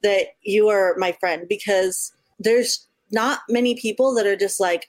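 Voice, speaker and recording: A woman's voice: mid-range voice, a little slow, hardly any pauses, no echo. Laughing, effusive woman podcaster. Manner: effusive, laughs often, swears casually. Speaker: podcast co-host. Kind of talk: casual chat.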